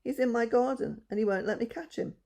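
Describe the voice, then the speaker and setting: A woman's voice: a little high, steady tone, fairly quick, dark tone, pitched above the performer's own voice, close to an everyday voice. A woman voicing a friendly stranger telephoning to report a found bird.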